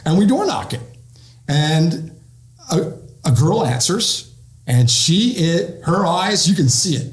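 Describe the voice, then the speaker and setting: Animated man telling stories in a roomy studio. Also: a little high, takes it slowly. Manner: animated storyteller acting out quotes. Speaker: retired police officer, guest. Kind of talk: podcast interview storytelling.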